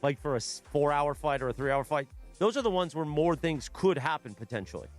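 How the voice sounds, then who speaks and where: A man's voice: a little high, lively intonation, a little fast, soft background music. A man co-hosting a radio show, explaining his view in a chatty, casual way. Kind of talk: casual sports radio chat. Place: radio studio.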